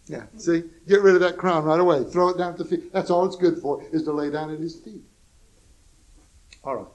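Male preacher, fairly high voice, folksy and emphatic, soft asides against loud exclamations. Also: brisk, dull audio. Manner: chuckles at his own jokes. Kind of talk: sermon.

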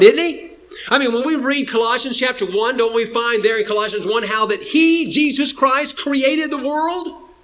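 A man preaching a sermon, emphatic and repetitive, sometimes acting out quoted speakers in a raised voice. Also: bright, forceful tone. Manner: emphatic, repeats phrases, rises to high pitch for emphasis; acts out quoted speakers in a higher voice.

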